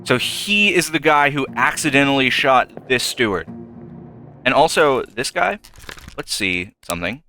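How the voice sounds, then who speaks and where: A young man doing let's play commentary, thinking aloud and hesitating, with sudden excited jumps. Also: mid-range voice, measured pace. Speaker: gameplay commentator. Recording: faint game music behind.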